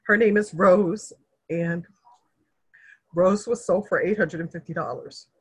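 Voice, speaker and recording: A woman's voice: on the low side, measured pace, slightly rough. A middle-aged woman in casual conversation, telling her family history in an earnest, emotional way and acting out the people she quotes. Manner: earnest, emotional storyteller, animated when quoting others. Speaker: guest sharing family history.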